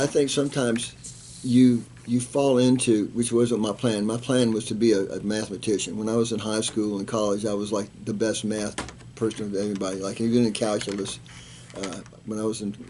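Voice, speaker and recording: A man in his seventies, a retired Army colonel, telling animated stories in an interview and acting out the quotes. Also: lowish voice, a little fast, a little hiss or hum. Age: 70s. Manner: animated anecdote teller, acts out quotes, laughs. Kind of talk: storytelling in an interview.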